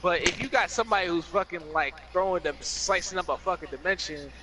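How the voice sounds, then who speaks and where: A man's voice: high-pitched, fairly quick, sharp tone, slight background noise. A man co-hosting a podcast in casual chat, arguing heatedly, swearing often and restarting his sentences. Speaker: podcast co-host.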